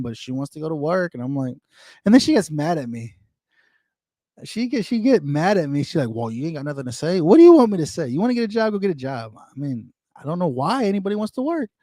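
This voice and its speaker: Livestream host, man in his forties, slightly high voice, dry close sound, rambling, repetitive chat. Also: animated, quick pace, a little mellow, no echo. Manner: rambling, repetitive, addresses viewers by name. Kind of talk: casual livestream chat reading viewer comments. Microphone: desktop microphone.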